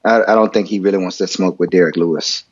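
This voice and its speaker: Low-voiced man on a dull lo-fi mic. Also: fairly even intonation, fast talker, breathy edge. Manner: earnest, repeats words while building a point. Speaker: podcast co-host. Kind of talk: casual sports chat. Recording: dull lo-fi sound.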